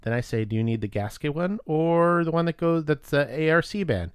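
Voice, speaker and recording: Casually storytelling with friends, a male podcast co-host shares an animated, swear-heavy workplace tale, acting out the lines. His voice is on the high side and fairly quick, clear and resonant, with no echo and studio quality.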